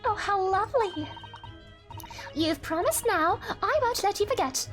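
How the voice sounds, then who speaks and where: A woman's voice: very high voice, expressive, a little slow, fairly bright tone, faint music behind, pitched above the performer's own voice, heavily acted. A woman voicing a cheerful, sweet little girl with a bubbly manner, reading game dialogue. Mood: delighted.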